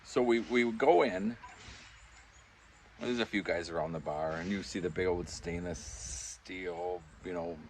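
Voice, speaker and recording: In a backyard pub shed, an older man with a deep voice speaks a little slowly, telling rambling pub anecdotes for a casual vlog. He chuckles along and acts out the voices of the people he quotes, with a little hiss or hum in the background.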